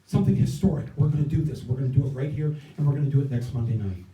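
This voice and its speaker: A man's voice: mid-range voice, rapid-fire, dark tone. An older man giving an impassioned campaign speech at an indoor event, hammering points home with repeated phrases. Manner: impassioned, rousing, repetitive cadences. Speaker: campaign guest speaker. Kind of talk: stump speech. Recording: echoey room, mic from far off.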